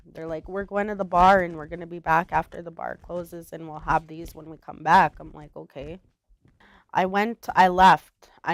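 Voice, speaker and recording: A woman, giving a personal testimony in a halting, soft-spoken way with many pauses. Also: on the low side, no room sound. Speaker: interviewee telling her life story.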